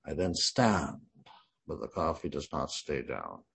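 A man in his sixties reading his first-person memoir in a plain, measured way. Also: very deep voice, big pitch swings, creaky, a bit bright, breathy edge. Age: 60s. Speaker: memoir narrator.

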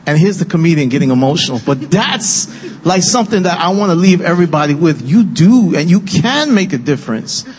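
Emotional and earnest, this man speaks with passion on a film panel in front of a live audience. His voice is on the high side, animated and a little mellow, moving a little fast with hardly any pauses, and the hall recording has long reverb plus faint noise.

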